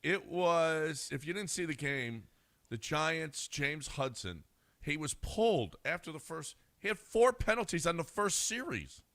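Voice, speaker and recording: Excitable sports radio co-host, bright-toned man. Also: fairly high pitch, unhurried, no room sound, clean studio sound. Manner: excitable, stumbling over his words. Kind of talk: casual sports radio chat.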